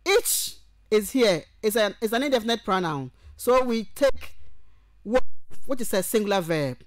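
A woman with a mid-range, lively voice gives a radio lecture on grammar as a university lecturer, working through examples one word at a time. She speaks slowly and deliberately, listing each example in turn. The radio studio recording has no echo.

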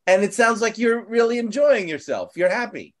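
An American man with a slightly high voice hosts an English class online and welcomes his students. He talks loosely, with fillers like um and uh and frequent restarts. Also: expressive, moderate pace. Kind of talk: casual online class chat.

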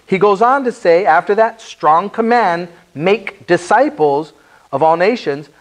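A male pastor giving a conversational Bible-study sermon in a church, animated and firing rhetorical questions at the congregation. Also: sits high.

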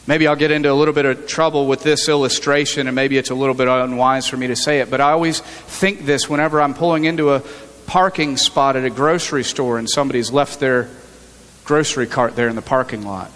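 In a church sanctuary with big-room sound, a male pastor preaches briskly. His voice is medium-pitched, steady and fairly bright, and his earnest, conversational delivery keeps circling back to restart sentences.

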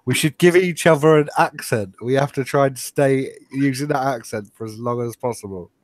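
A man's voice: medium pitch, moderate pace, no echo. A man co-hosting a podcast, playful and teasing, swearing freely in casual banter. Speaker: podcast co-host.

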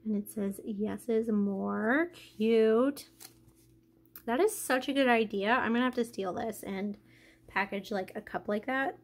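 A woman hosting a craft unboxing vlog, gushing and excitable, filling her talk with "like" and getting emotional and out of breath. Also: a little high, measured pace. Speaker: craft channel host.

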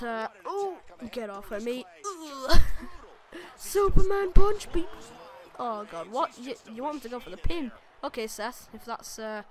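High voice, excitable woman, gaming commentary, frequent exclaims and laughs. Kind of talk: wrestling video game let's play commentary.

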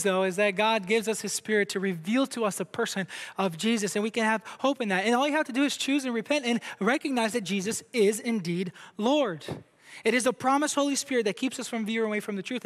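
High-voiced preaching man in an echoing hall. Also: a bit bright. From Brazil. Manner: emphatic preaching, asks the crowd questions. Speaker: pastor. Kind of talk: sermon. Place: church sanctuary. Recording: long hall reverb.

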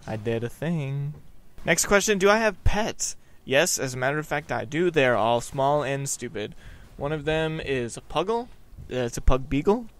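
A young man giving goofy, self-mocking commentary while he plays a video game and answers viewer questions, often breaking into high yelps. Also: animated, moderate pace, fairly bright tone. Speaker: gaming vlogger. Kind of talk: gameplay commentary with Q&A.

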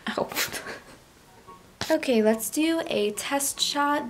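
Young female vlogger, bright higher register, laughs at herself, light music bed. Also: drawn-out words. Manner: chatty, giggly, self-mocking. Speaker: YouTuber. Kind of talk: casual vlog bloopers.

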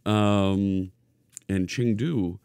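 A man's voice: on the low side, fairly even intonation, very slow, a little mellow, clean tone, no room sound. A man hosting a live coding stream, talking casually from his green-screen studio. He greets viewers in the chat by name and often restarts his phrases. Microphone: hidden desk microphone.

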